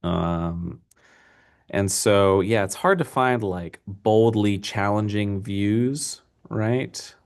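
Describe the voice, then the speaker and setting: A man's voice: lowish voice, extremely slow. A man teaching a class in an unedited recorded lesson, talking casually and rambling with many fillers.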